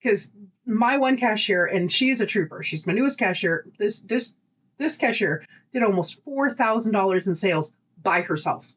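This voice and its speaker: A woman co-hosting a casual podcast, telling animated work stories, acting out voices and swearing freely. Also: mid-range voice, normal speed, slightly rough, lo-fi sound. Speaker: podcast co-host. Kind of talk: casual storytelling chat.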